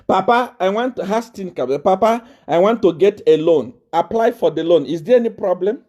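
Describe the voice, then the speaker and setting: Speaking directly into a live video, a male online commentator offers political commentary, repeating his points and laughing in between. His voice is high for a man, with pitch that swings widely from phrase to phrase, and its tone is dark and mellow rather than bright. He sounds animated and keeps a moderate pace.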